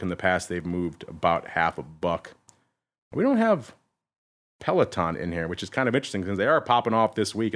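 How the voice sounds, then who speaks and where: Upbeat male podcast host, rapid market rundown. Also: mid-range voice, a bit bright. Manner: upbeat, addresses listeners, quick list reading.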